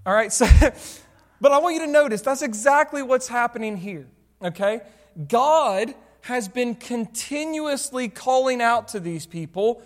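A man's voice: very high-pitched, a little slow. A man preaching a sermon to his church, talking conversationally and asking the congregation rhetorical questions. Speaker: pastor. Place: church sanctuary. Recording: long hall reverb.

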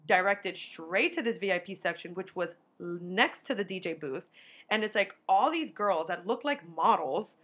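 A young woman at a medium pitch spins a casual story for her podcast. She talks loosely and animatedly, full of 'like' and the odd swear word. She jumps her voice up whenever she acts out what someone said. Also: a bit bright. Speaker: podcast host.

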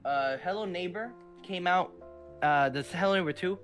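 A young podcast co-host chatting casually, excitable and quick to laugh. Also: mid-range voice, soft background music. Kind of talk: casual chat.

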